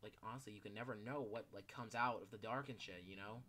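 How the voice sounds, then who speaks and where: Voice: medium pitch, fast, sharp tone, slight background noise. A fourteen-year-old gaming YouTuber giving casual gameplay commentary, rambling with lots of fillers and casual swearing.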